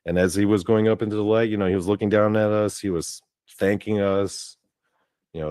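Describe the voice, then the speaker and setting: A man's voice: on the low side, steady tone, fairly quick, a little mellow, smooth, no echo. Rambling man telling a story, dry sound. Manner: rambling, full of "like" fillers and cursing. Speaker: podcast host. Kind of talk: casual storytelling.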